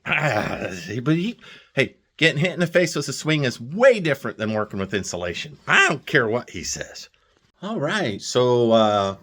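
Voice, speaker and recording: A man's voice: mid-range voice, a bit bright. An older man rambling in a wry, self-mocking way with many fillers, filming a casual DIY vlog. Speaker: DIY builder vlogger. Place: off-grid container build site.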